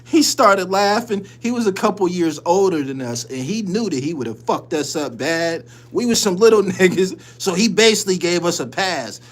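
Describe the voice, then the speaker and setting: A man's voice: high voice, animated, normal speed, hardly any pauses. A man hosting his channel, telling a story in casual, profane street slang and laughing often as he goes. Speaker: channel host.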